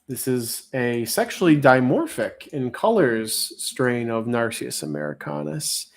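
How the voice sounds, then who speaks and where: A man of ordinary pitch runs a casual livestream auction from home, talking into a desk mic. He rambles and interrupts himself between lots, then stretches out each bid call slowly. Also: big pitch swings, gravelly. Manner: rambling, self-interrupting, drawn-out bid calls.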